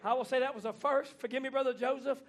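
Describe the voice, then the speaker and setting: High-pitched fiery male preacher. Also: fairly even intonation, quick pace, noisy background. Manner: folksy, plainspoken, swings from hushed to shouting. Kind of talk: fiery Pentecostal-style sermon. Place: church.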